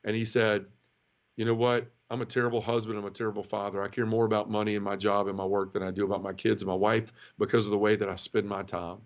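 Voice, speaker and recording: Speaking fast in a low-leaning voice on dull audio, a man recounts how he converted, appearing as a guest in an interview. It's casual storytelling, frank and emotional, and he animatedly acts out the quoted voices along the way.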